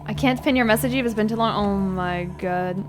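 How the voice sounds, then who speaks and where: A young woman streaming a game live, excitable and laughing often, swearing freely and using casual gamer slang. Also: mid-range voice, fairly quick, over music. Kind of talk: live-streamed gameplay chat.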